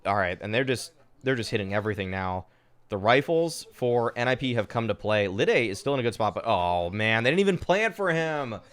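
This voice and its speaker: A young man with a smooth, resonant voice comments on an old match during a live stream. He talks casually and swings quickly between disbelief and exasperation, peppering his lines with fillers and mild swearing. His pitch sits in an ordinary middle range. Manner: excitable, exasperated, swears, many fillers like "dude".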